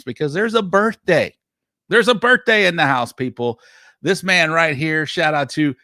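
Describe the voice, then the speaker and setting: A man's voice: on the high side, no room sound, studio quality. Upbeat man hosting a live stream. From Texas. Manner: energetic, hypes viewers and reads out shout-outs. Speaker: host of a live online barbecue show.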